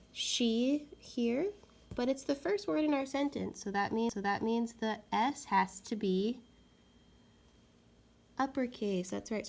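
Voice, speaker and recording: A woman teaching young children a reading lesson, slowly sounding out words and patiently encouraging them. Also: medium pitch, vocal fry, a little mellow, a little hiss or hum.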